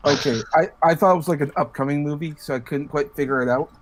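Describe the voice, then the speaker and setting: A man's voice: a little high, fast. Man, podcast co-host, hesitant, laid-back, casual chat.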